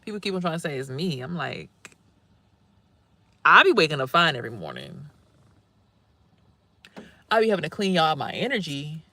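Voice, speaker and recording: A young woman rambling casually in a spiritual vlog outdoors, animated and swearing, exclaiming at things she sees. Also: low-pitched, moderate pace, pauses often, dry recording. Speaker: spiritual vlogger and reader. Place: outdoors near trees.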